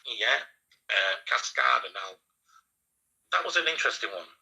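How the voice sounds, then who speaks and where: A man with a Northern English accent, casually telling lively anecdotes and acting out the lines of the people in them, laughing often. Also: on the low side, normal speed, husky, rough recording. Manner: animated storyteller acting out quotes, laughing often. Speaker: radio presenter guest.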